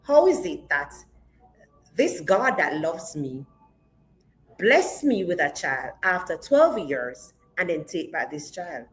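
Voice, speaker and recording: A woman's voice: lowish voice, sing-song, takes it slowly, rough recording. A woman pastor sharing a personal testimony in an interview, telling it vividly and with emotion and acting out the dialogue.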